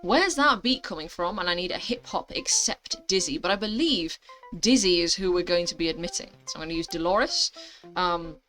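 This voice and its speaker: A woman's voice: on the low side, a little fast, a bit bright, soft background music. A woman playing through a mobile story game, reading it aloud with chatty asides. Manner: chatty, self-aware asides. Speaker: gaming youtuber.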